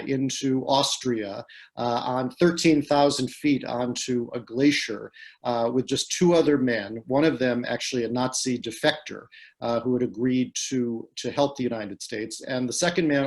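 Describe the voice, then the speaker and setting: Guy on a video call telling a long story, lots of uh and um, stops and restarts. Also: medium pitch. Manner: hesitant, many fillers and restarts. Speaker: guest speaker.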